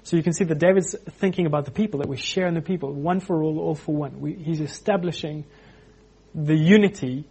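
A man preaching an informal sermon, animated, acting out quotes with frequent restarts. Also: a little high, fairly quick, gravelly, breathy edge.

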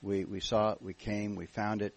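An American man speaking as a guest minister at a church meeting, telling his story in a relaxed, joking way. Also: fairly low pitch, moderate pace, gravelly, low-quality recording. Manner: jokey, relaxed storytelling with restarts. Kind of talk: church talk, testimony.

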